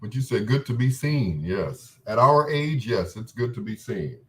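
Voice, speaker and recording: A middle-aged man hosting a late-night love-song radio show, smooth and joking as he chats between songs. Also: medium pitch, lively intonation, a little slow. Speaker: radio DJ and host.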